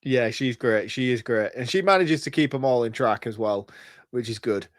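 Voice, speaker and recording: A man with a mid-pitched voice talks casually about a film's plot holes. He is chatty and laughs often. The recording is dry and close. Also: normal speed, no room sound. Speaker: podcast co-host. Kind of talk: casual film review chat.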